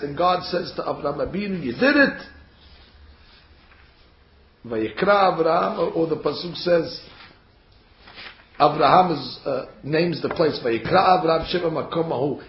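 A man teaching a Torah class, reading verses aloud and acting out the figures' words in a lively way. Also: high-pitched. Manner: animated, acts out the figures' words. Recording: dull, echoey room.

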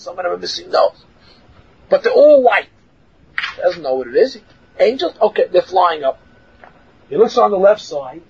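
A man teaching a religious class, telling a story with animated, shouted emphasis and acted-out voices. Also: high voice, vocal fry, slight background noise. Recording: muffled lo-fi recording.

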